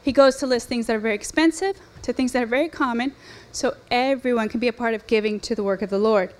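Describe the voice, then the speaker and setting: A woman's voice: on the high side, fast talker, a little mellow. A woman in her forties giving an earnest, conversational sermon with personal testimony, using fillers and rhetorical questions. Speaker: speaker at a women's ministry event.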